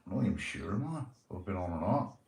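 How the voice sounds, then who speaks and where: A man's voice: sits low, very animated, fast talker, a little mellow, roomy sound. A young man with a Northern Irish accent, hosting a casual livestream, greeting viewers and swearing freely, calling everyone mate. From Northern Ireland. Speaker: livestream host.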